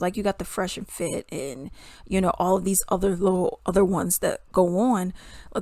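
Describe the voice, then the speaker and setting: Speaking at a medium pitch with no echo, a woman who makes commentary videos goes on a casual rant for her audience. She comes across as exasperated yet animated, breaking into laughter between her points.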